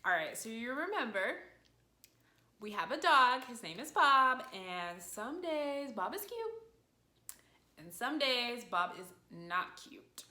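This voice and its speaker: A woman gives a lively video lesson at a slow, careful pace. Her voice is bright and a little high, and it swoops up when she acts out calling a dog. The room is echoey. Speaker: language teacher.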